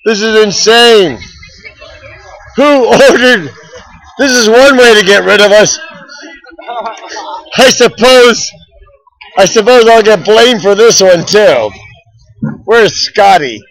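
Excitable high-voiced man filming outdoors. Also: slow, long pauses, rough recording. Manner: exclaiming, laughing, repeating himself. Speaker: street vlogger filming live. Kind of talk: excited live street commentary. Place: outdoors on a flooded beach boardwalk. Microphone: laptop built-in microphone, handheld.

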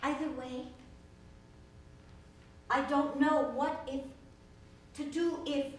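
An actress playing an anxious younger sister who questions herself in halting, wondering phrases on a stage. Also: female voice, sits high. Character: younger sister lying still, anxious, speaking only in her mind. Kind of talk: stage play reading. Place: theater stage. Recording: echoey stage from far off, faint noise.

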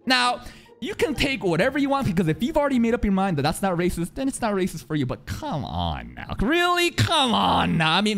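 A man's voice: fairly high pitch, a bit bright. A man giving casual, sarcastic reaction commentary on an anime episode, swearing freely and talking to his viewers.

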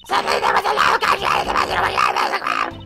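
A man voicing a shrill, nosy old woman witness in a video game play-through, shouting in a gravelly voice. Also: huge pitch swings, very fast, faint music behind, full character voice. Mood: indignant. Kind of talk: let's play voice acting.

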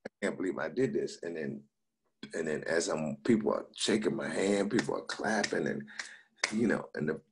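At normal speed and in a low register, a middle-aged comedian guest shares relaxed anecdotes. He laughs as he tells them, putting on voices for the people he quotes.

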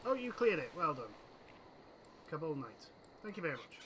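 A man's voice: a little high, very animated, moderate pace, pushed and bright, slight background noise, low-quality recording. A man giving casual let's-play commentary, chatting to his units and himself over game music. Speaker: gaming channel host.

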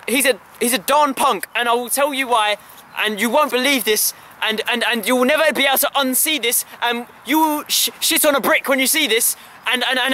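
A young man hosting his own channel, ranting in a comic, stammering, repetitive way with shouted bursts, filmed outdoors on a camera held by a friend. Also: very high voice. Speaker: channel host.

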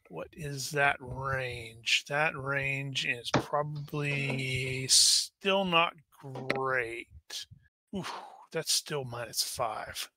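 A man's voice: mid-range voice, pushed and bright, no echo. A man running a tabletop game as game master, thinking aloud with wry asides.

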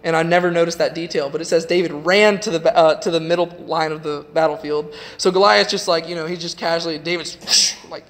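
A man's voice: fairly high pitch, fairly even intonation, a little fast, hardly any pauses, fairly bright tone. A young man giving a casual, chatty youth sermon in a church, retelling a story with lots of "like". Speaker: youth preacher. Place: church sanctuary. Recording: long hall reverb.

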